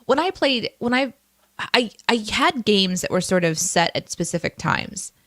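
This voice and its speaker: A woman's voice: mid-range voice, sing-song, moderate pace, fairly bright tone, no echo. Female co-host, chatty and giggly, mid-range voice, dry close sound. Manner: chatty, laughs easily, reads chat comments aloud. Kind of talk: casual live-stream chat.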